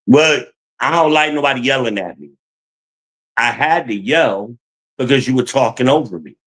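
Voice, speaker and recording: A man's voice: mid-range voice, animated, normal speed, a bit bright, poor audio. A man giving blunt, profane relationship advice in a heated livestream rant, talking to his chat.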